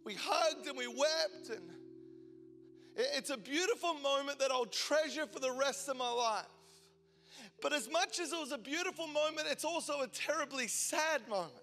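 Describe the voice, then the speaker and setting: Bright high-voiced preacher in a hall. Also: male voice, animated, normal speed. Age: 40s. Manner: passionate storytelling, swinging from loud intensity to hushed tones. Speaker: pastor. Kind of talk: sermon. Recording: long hall reverb, faint music behind.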